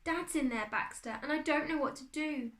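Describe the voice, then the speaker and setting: A woman's voice: normal speed, roomy sound. A woman voicing a frightened, desperate boy hero in a storybook reading. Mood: tearful. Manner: cries out high and loud.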